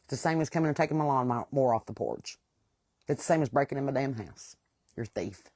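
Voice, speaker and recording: A woman's voice: extremely low pitch, animated, quick pace, a little mellow, dry recording. Blunt West Virginian woman. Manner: blunt, plain-spoken and aggravated. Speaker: host. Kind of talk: casual monologue.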